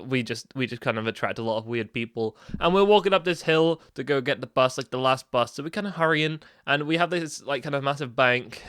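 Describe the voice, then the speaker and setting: A man's voice: medium pitch, a bit bright, no room sound, clean studio sound. Rambling young man telling a story. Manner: rambling, many restarts and asides. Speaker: vlogger. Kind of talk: casual storytime.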